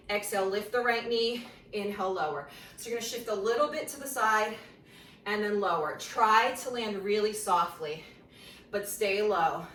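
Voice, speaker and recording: A woman's voice: medium pitch, fairly bright tone. A woman leads a workout class, counting reps and calling out form cues while she moves along with it, a little out of breath. She sits back from the microphone, and the room gives her voice an echo over a faint hiss. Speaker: fitness instructor. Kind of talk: guided workout class instruction. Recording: roomy sound from a distant mic with faint noise.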